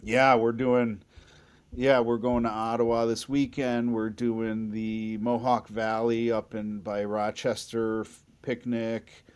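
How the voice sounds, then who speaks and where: A man from New England, a bassist guest, telling stories in a podcast interview in an animated, excitable way with frequent restarts. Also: takes it slowly, clear, resonant tone.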